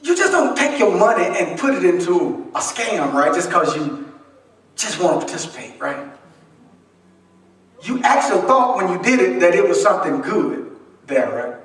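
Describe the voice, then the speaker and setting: This male preacher's voice sits high and sing-song, fairly bright, moving at a moderate pace. He gives a sermon in a church sanctuary with a folksy, humorous, conversational call-and-response delivery, often leaving lines for the congregation to finish, all recorded echoey from a distant mic.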